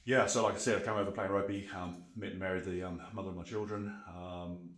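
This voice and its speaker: A man's voice: sits low, steady tone, a little fast, hardly any pauses, reverberant. A man in his forties with a New Zealand accent, a guest telling his own story in a casual podcast interview, candid and reflective with many fillers. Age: 40s. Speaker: guest, burnout coach.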